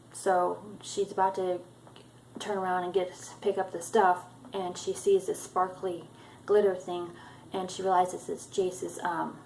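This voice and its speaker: A woman's voice: on the low side, vocal fry, a little hiss or hum, poor audio. A woman casually retelling a book chapter for her viewers, hesitant and full of ums and uhs. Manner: hesitant, many ums and uhs, loosely strung sentences. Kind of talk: casual spoken book recap.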